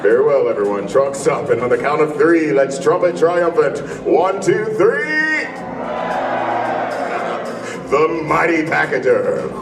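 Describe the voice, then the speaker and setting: An actor playing a proud male troupe leader who hosts a live stage show with a grand, drawn-out showman delivery. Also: medium pitch, gravelly, close to an everyday voice. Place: large indoor theater. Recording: distant echoey theater with music and crowd.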